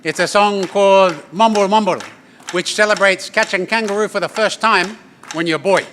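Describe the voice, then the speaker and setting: A didgeridoo performer with a brightish, higher voice trades playful banter with the crowd while telling stories at an event venue, joking and throwing out "yeah?" to the audience. He speaks at a normal speed, with slight background noise.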